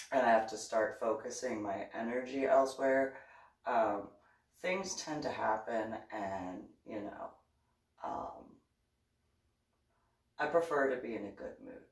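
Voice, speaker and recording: A woman telling a story in a casual monologue, animated and prone to laughing fits. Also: very deep voice, reverberant, far from the mic, low-quality recording. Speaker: podcast host.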